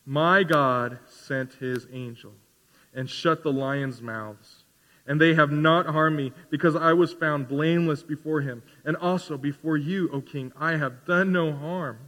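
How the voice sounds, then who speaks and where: Bright-voiced preacher man in a hall. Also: a little high, steady tone, measured pace. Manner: preaching with rising emphatic questions. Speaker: pastor. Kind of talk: sermon. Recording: reverberant hall.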